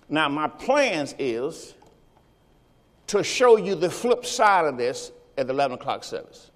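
Lively high-pitched preaching man, hall reverb. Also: normal speed. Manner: call-and-response preaching, has the congregation repeat phrases. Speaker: pastor. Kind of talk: sermon. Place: church service.

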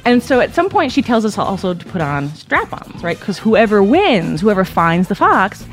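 A woman's voice: mid-range voice, moderate pace, faint music behind. A woman telling a comic personal story in a conversational way, often tagging lines with "right?" and laughing between them. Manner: animated, conversational, frequent "like" and "right?".

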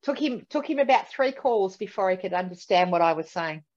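An Australian woman co-hosts a relaxed podcast chat, talking quickly and laughing easily. Her voice has a very animated pitch that rises and falls a lot. The audio sounds dull and lo-fi. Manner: chatty, laughs often, quick talker. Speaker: podcast co-host. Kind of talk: casual chat.

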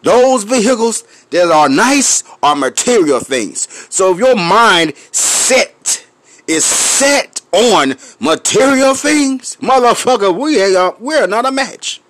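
A man with a Memphis accent ranting to his viewers, full of cursing, laughing and clearing his throat as he smokes. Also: high voice, big pitch swings, slow. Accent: Memphis Southern US. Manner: loud, profane, laughing between lines; smoking, clears throat often. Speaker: vlogger. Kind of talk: profane rant to camera.

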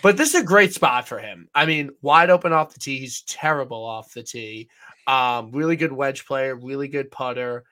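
A bright, forceful male voice on a casual golf-betting podcast. He talks excitably in quick bursts and swears freely. His pitch sits in the middle for a man. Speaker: podcast co-host. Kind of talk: casual sports-betting chat.

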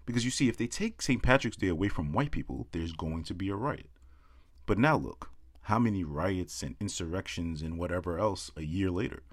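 A man's voice: low-pitched, animated, fairly quick, no echo, studio quality. A young man doing a brash, profane stand-up monologue, breaking into chanted comic poems. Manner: brash, profane, rhythmic poem delivery. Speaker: comedian.

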